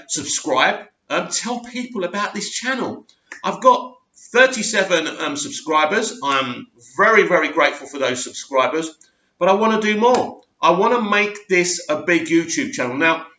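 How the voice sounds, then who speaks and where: A man's voice: on the high side, pushed and bright. A man hosting his own channel, talking through his opinions in a casual, rambling, emphatic way. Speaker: YouTube channel host. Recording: echoey room, dull lo-fi sound.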